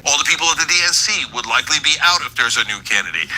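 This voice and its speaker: A man's voice: mid-range voice, sing-song, racing, bright, forceful tone, rough recording. A man hosting a show with heated, ranting political commentary. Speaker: host.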